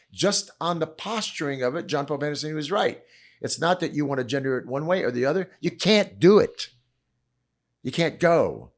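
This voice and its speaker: An older man, a podcast guest, telling stories in animated conversation, acting out quotes with sudden loud bursts and dropping low for asides. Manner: acts out quotes with big swings in pitch and loudness; drops low and quiet for asides. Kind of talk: animated storytelling chat.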